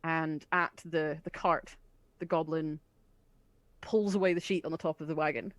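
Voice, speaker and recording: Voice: medium pitch, fairly even intonation, moderate pace, dry recording. A game master narrating a tabletop game with chatty description and frequent fillers.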